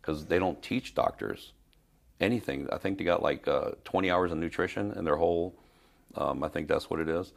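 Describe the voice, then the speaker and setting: Very deep gravelly older man. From Spain. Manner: retells scenes with halting restarts and repeated words. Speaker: fitness trainer, podcast guest. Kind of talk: storytelling in an interview.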